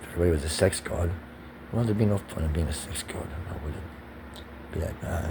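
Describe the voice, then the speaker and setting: Rambling low-voiced man, noisy background. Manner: rambling, drops to whispers then rises to agitated shouting; profane, pressured fast speech. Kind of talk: rambling monologue vlog.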